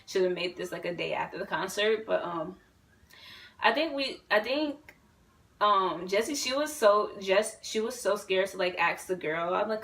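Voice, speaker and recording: A woman in her twenties, a vlogger telling a story to camera in a rambling, excitable way, full of fillers and swearing. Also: mid-range voice, normal speed, gravelly, distant mic, poor audio. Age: 20s.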